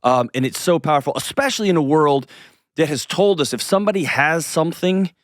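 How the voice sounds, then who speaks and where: A man's voice: fairly high pitch, lively intonation, a little fast, dry recording, studio quality. A man hosting an interview who asks long, earnest, rambling questions. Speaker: show host.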